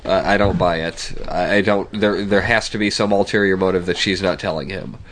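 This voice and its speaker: Podcast co-host, male, sick voice, lowish pitch, musing recap delivery. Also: a little fast. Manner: relaxed, musing, hesitant with fillers. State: sick, congested voice. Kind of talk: casual chat recapping a TV episode.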